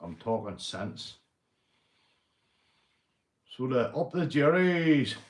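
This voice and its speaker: A Northern Irish man rambles through a casual livestream, boisterous and loose after a few beers. His voice sits at an ordinary middle pitch, and it echoes around the room he is in. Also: big pitch swings, drawn-out words. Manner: rambling and boisterous, repeats "mate". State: drinking beer. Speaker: livestream host.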